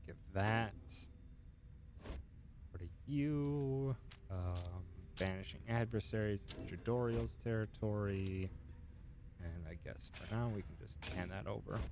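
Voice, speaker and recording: A man's voice: on the low side, takes it slowly, noisy background. A man streaming a game, chatting casually and reading its text aloud. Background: game music.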